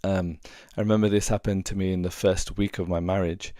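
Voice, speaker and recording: A man's voice: low voice, level tone, fairly quick, mellow, no room sound, clean studio sound. A middle-aged man, a relationship coach giving earnest, conversational advice and sharing personal stories. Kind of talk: casual advice talk.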